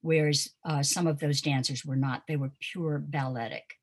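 A woman's voice: low-pitched, steady tone, normal speed. An older woman from Pensacola, a dance teacher, recalling her past in an interview as a guest and telling stories with frequent ums and uhs. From Pensacola, Florida. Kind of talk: reminiscing conversational interview.

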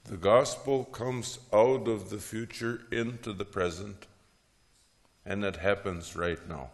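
A man teaching about preaching, who tells Bible stories in a lively way with frequent "huh?" asides and chuckles. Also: on the low side, slow pace, creaky, long reverb tail.

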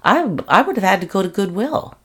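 A woman's voice: mid-range voice, sing-song, brisk, fairly bright tone, slightly rough. A middle-aged woman being interviewed, recounting her working life in an earnest, reflective way with frequent restarts. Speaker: interview guest. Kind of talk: candid personal storytelling.

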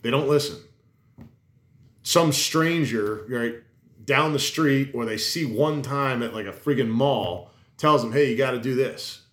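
A man's voice: medium pitch, slow, a bit bright. Emphatic rambling man in a roomy space. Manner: rambling and emphatic, swearing, many restarts. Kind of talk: casual chat. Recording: roomy echo.

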